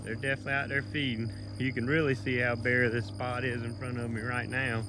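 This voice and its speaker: A man's voice: medium pitch, flat delivery, brisk, background noise. A middle-aged man, narrating a casual walking vlog outdoors in a rural field, folksy and rambling, a little out of breath, recorded on a handheld camera. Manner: folksy, rambling, many fillers. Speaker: land manager filming his dove field. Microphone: handheld camera while walking.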